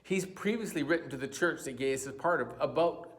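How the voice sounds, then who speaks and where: A man's voice: fairly high pitch, brisk. A man giving a church sermon, telling a joke story and reading scripture, with frequent fillers and restarts. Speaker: pastor.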